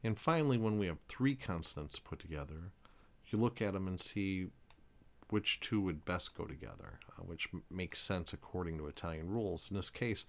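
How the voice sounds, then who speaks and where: Deep-voiced man teaching slow pronunciation. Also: animated. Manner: slow, careful, repeats each example word. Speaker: language teacher. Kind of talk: explaining pronunciation.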